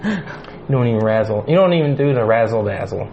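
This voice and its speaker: A man's voice: medium pitch, expressive, fairly quick, a little mellow. A man co-hosting a casual podcast chat, silly and jokey, slipping into playful quoted voices. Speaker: podcast co-host. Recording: dull lo-fi podcast audio with faint noise.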